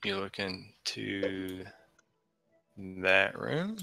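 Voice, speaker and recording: A man running a tabletop game online as game master, relaxed and chatty, laughing often. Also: low-pitched, extremely slow, creaky, no room sound, soft background music. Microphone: online voice chat.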